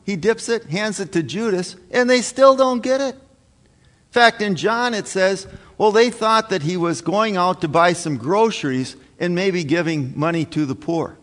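A man preaching a sermon in a folksy, halting way, reading scripture and restarting his sentences often. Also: high voice, fairly bright tone. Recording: long hall reverb.

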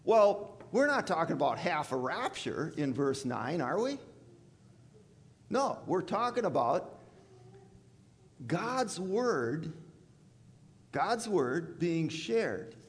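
A man's voice: on the high side, slow, long pauses. A man preaching a sermon in a folksy, stammering way, often checking whether the congregation is with him. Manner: folksy, repeats "you with me on that?"; stammering restarts, animated delivery. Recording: long reverb of a large hall.

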